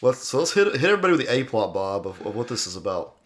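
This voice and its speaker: A man's voice: mid-range voice, very animated, rapid-fire. A man co-hosting a podcast in casual chat, easygoing and self-deprecating with many small restarts. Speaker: podcast co-host.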